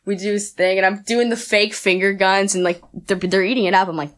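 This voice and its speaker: A young woman talks as a guest on an interview show. She tells her story in a fast, rambling, chatty way, with lots of "like" and bursts of laughter. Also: mid-range voice, flat delivery. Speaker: aspiring wrestler guest. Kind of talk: casual interview chat.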